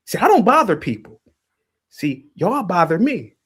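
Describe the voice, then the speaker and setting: Male stream host: confrontational, taunting rant, pitched a bit high, very animated delivery. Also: unhurried, slightly rough. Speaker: livestream host. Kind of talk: heated call-in stream rant.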